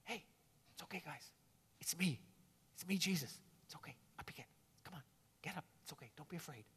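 A man voicing a gentle, comforting man who speaks softly and tenderly to frightened friends, heard with a long hall echo. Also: a little high, expressive, fairly quick, husky, full character voice. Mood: tender, reassuring. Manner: soft, hushed, tender.

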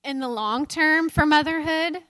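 A woman's voice: high-pitched, unhurried, a bit bright, no room sound. Laughing candid woman leading a Bible study. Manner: candid, laughs often, self-deprecating. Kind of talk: teaching a women's Bible study.

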